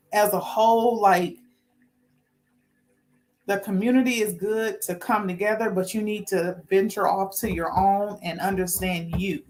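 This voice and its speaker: A woman hosting a casual spiritual talk, earnest and informal, often restarting sentences as she works through her points. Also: medium pitch. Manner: rambling, restarts, talks herself through points. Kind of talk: casual spoken talk with notes.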